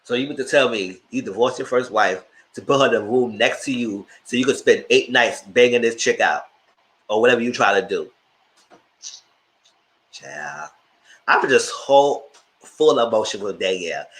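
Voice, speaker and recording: A man's voice: medium pitch, fairly quick. Opinionated man doing casual TV commentary. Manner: animated, opinionated, talks straight to viewers. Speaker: host reviewing reality TV.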